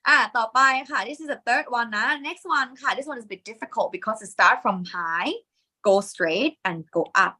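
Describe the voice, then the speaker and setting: A woman's voice: fairly high pitch, expressive, very fast, pushed and bright. A woman with a Thai accent teaching Thai tones in a live online lesson, often checking in with "okay?" and singing syllables to demonstrate.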